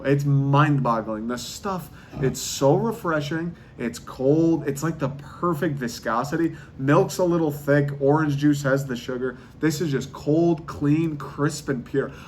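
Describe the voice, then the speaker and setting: A man's voice: fairly high pitch, lively intonation, unhurried, few pauses, a little mellow, slight background noise. A man hosting a podcast, delivering a casual comedic monologue with incredulous ranting, slang and swearing. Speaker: podcast host.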